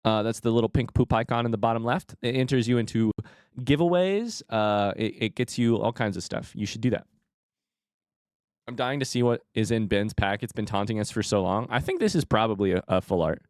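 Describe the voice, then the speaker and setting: A young adult man hosting a casual live stream, talking to chat and swinging from hushed remarks to loud excited outbursts. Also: fairly low pitch, brisk, dry recording, studio quality. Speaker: streamer host.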